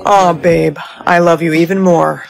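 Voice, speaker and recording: A woman acting out a controlling young boyfriend, smooth and bossy, in a scripted comedy skit. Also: on the low side, fairly even intonation, a little slow, soft background music, pitched below the performer's own voice.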